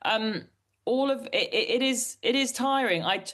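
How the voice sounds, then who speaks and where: With a fairly high, fairly bright voice and a slightly slow pace, this British woman in her forties tells stories as an author being interviewed. She comes across as candid, rambling and self-deprecating.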